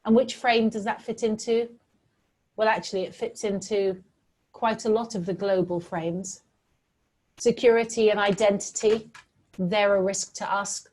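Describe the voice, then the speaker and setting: A middle-aged woman from Britain giving a talk with slides, telling stories in an earnest, animated way. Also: medium pitch, a little slow. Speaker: public speaker.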